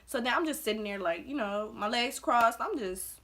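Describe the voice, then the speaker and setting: A woman's voice: medium pitch, a little fast, few pauses, a bit bright. A young adult woman from Belize, a vlogger telling a casual storytime, chatty and full of "like", acting out the quotes. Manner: chatty, heavy use of "like", acts out quotes.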